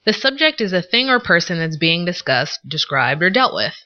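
Woman, low voice, bright tone, measured scripted lesson, lo-fi recording. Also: very animated. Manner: measured, explains words with examples. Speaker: podcast co-host. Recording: dull lo-fi recording.

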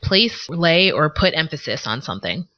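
A woman co-hosting a podcast, teaching vocabulary in a scripted lesson and explaining words with example sentences in a measured way. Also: low-pitched, very animated, background noise. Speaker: podcast co-host. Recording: dull lo-fi recording.

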